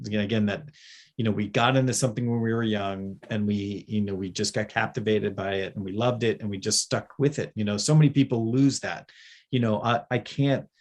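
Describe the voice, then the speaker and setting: A man's voice: fairly low pitch, brisk. A man, a guest makeup effects artist, telling stories in a casual interview, rambling with many fillers and restarts. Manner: lively when retelling anecdotes.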